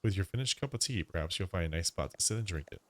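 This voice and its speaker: A man voicing a gentle, polite male tea shop keeper who speaks formally with slightly odd grammar. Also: sits low, animated, quick pace.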